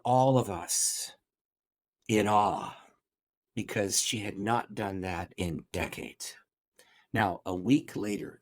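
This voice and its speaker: A middle-aged man, a pastor, telling a long story in an interview in an animated way, often restarting his sentences. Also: fairly low pitch.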